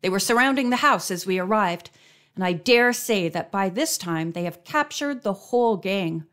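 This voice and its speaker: A woman reading as a measured middle-aged lawyer. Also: high voice, lively intonation, bright, forceful tone. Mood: explaining. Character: middle-aged male lawyer, calm and authoritative.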